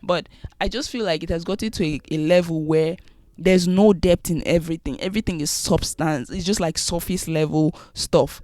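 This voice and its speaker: A woman's voice: lowish voice, normal speed, darkish tone, dry recording, clean studio sound. A Nigerian woman with a Nigerian accent, giving an emphatic opinion monologue and often repeating phrases.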